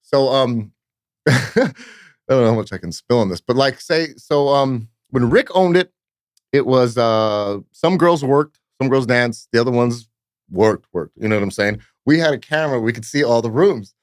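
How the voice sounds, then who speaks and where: With lively intonation at a normal speed, a mid-range male voice tells casual stories in a podcast interview, clean studio sound with no room echo. He's a Fresno, California nightclub promoter whose tales ramble on, full of profanity and "blah, blah, blah."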